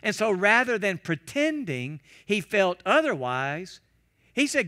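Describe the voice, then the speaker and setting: Guest pastor, male, animated sermon delivery in a church, pitched a little high. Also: unhurried. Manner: animated preaching, acting out quoted prayers and shouts.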